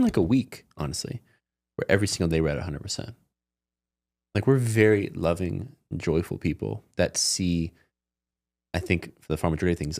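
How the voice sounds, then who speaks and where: A young adult man co-hosting a podcast, speaking candidly and in a relaxed, soft way about his own emotions. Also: sits low, creaky. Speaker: podcast co-host. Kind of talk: casual personal talk.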